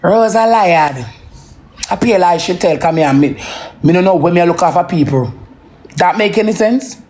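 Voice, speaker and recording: A parent with a Jamaican accent in an emotional, profane ranting monologue that swings between slow brooding and heated outbursts. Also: mid-range voice, animated, a little mellow. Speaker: social media livestreamer.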